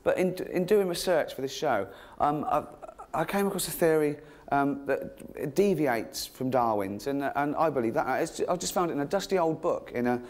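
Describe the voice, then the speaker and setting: An English man doing a stand-up comedy routine, mock-earnest and halting with ums, then breaking into giddy excitement. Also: on the high side. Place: live comedy stage.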